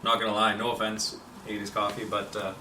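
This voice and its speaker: Low-voiced Canadian man, slangy hoser banter, echoey room. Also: monotone, fairly quick. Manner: exaggerated Canadian hoser slang, swearing, says "bud". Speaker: comedy podcast co-host. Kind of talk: crude comedy sketch chat. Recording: echoey room with faint noise.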